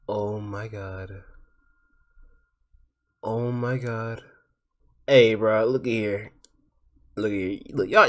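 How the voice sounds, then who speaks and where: A man streaming live and reacting to a clip in casual, profane commentary, exasperated and repeating himself. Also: medium pitch. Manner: exasperated, repetitive, profane, swings loud and soft.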